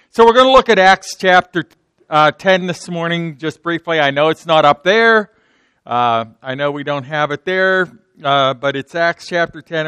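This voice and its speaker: Preaching unscripted in church, this pastor keeps repeating words and starting sentences over, his throat slightly sore. The voice is a little high, bright and forceful, clear and resonant, with no room sound.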